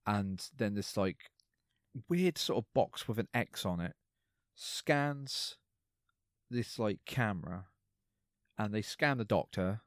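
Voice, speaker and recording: A man's voice: on the low side, expressive, slow, long pauses, no room sound, clean studio sound. A man co-hosting a podcast, casually recapping an episode in a rambling, hesitant way with lots of fillers.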